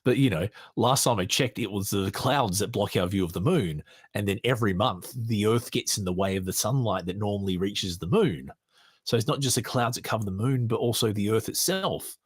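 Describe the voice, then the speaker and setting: Low, husky, sarcastic male podcaster. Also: animated, a little fast, no room sound, studio quality. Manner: sarcastic, chuckling, with frequent restarts. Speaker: podcast host. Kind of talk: casual commentary, partly reading from a script.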